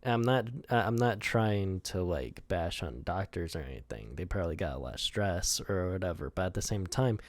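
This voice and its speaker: A man's voice: sits low, animated, normal speed, few pauses, no room sound. A young man casually talking through his own storyboards, rambling, laughing often and swearing, with lots of "like" in his speech.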